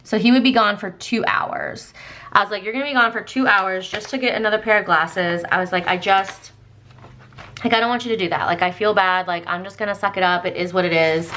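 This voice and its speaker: A woman's voice: mid-range voice, a little fast, sharp tone, slight background noise. A woman with a Southern American accent chats through a long story as she works on her planner. She talks loosely, with lots of fillers, and acts out the dialogue of the people in it. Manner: chatty, many fillers, quotes others in dialogue. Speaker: planner vlogger. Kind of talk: casual storytelling while planning.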